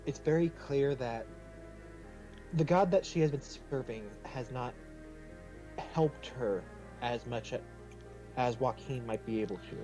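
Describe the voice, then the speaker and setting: A man's voice: medium pitch, unhurried, pauses often, dark tone, soft background music, pitched below the performer's own voice, lightly acted, poor audio. A man voicing an earnest horned heroine. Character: earnest horned female character pleading for help.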